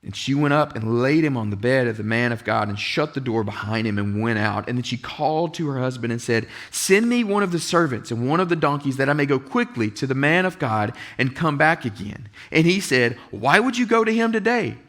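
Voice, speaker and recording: A man's voice: mid-range voice, animated, fairly quick, few pauses, a bit bright. Man, pastor, earnest sermon, reads scripture aloud, acts out the quoted lines, church sanctuary.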